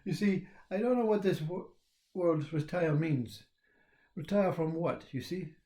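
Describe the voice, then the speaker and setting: A man, talking in a rambling, reflective monologue, laughing often and halting with fillers. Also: on the high side, mellow. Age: 60s.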